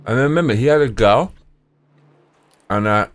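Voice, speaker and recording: A man's voice: mid-range voice, animated, moderate pace. A man streamer telling rambling, profane stories in casual chat, full of restarts and swearing.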